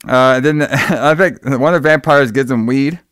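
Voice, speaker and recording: A man's voice: medium pitch, moderate pace, fairly bright tone, no room sound, clean studio sound. A man casually retelling a movie scene by scene, rambling and swearing, full of fillers. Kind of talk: casual movie recap chat.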